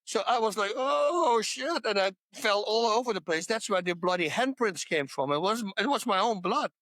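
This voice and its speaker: A man who is a podcast guest, telling animated stories in casual chat, laughing mid-sentence and restarting words as he goes. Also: sits high, fairly quick, no echo.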